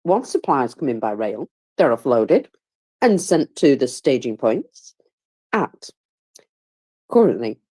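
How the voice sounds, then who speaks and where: A woman with a low voice that swings widely in pitch, talking through a war update in a loose, chatty way. She sounds tired and keeps stifling yawns, yet stays wry and pokes fun at herself between fillers and asides. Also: sing-song, slow pace, long pauses, mellow, slightly rough. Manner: wry, self-mocking humor. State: tired, yawning. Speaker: war commentator. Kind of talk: casual live audio-room commentary.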